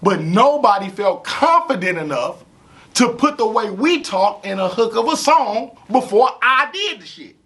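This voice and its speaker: This rapper, a St. Louis native, tells stories as a guest in a laid-back interview, talking a little slowly in a high, gravelly voice. He stays animated, curses freely, and keeps saying "you know what I'm saying."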